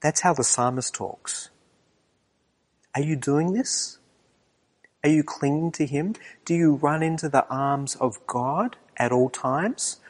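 A man's voice: a little high, slow pace. Earnest male preacher in reverberant church. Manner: earnest, asks the congregation rhetorical questions, drops to a hushed tone at times. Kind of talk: sermon.

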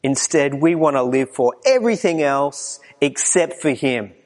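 A man preaching a morning sermon, moving between quiet low passages and raised, emphatic lines. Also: lively intonation, a little slow. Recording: long reverb of a hall.

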